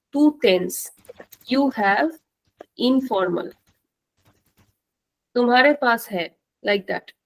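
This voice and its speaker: A woman teaching a live online language class, slow and patient, repeating words for the students to drill. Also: on the high side, rough recording.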